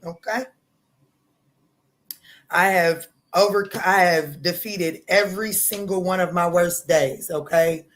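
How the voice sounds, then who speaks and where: Bold, profane woman tarot host. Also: takes it slowly. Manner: loud, bold and profane, laughing often, with sudden jumps in pitch. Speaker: tarot reader livestream host. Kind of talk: casual livestream chat.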